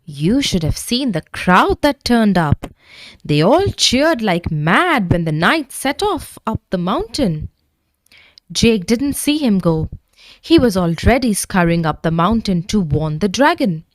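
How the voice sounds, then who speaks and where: Slow, expressive bedtime storyteller woman. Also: mid-range voice, no echo, studio quality. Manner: gentle, expressive reading aloud.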